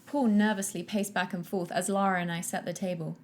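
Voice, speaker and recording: A woman's voice: medium pitch, fairly even intonation, brisk. A woman co-hosting a podcast, reading a book aloud and breaking off for sarcastic, wry commentary.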